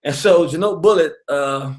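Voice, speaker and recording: A man hosting a casual radio talk on history, an animated storyteller who chuckles often and acts out quotes. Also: on the high side, normal speed, echoey room. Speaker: radio show host.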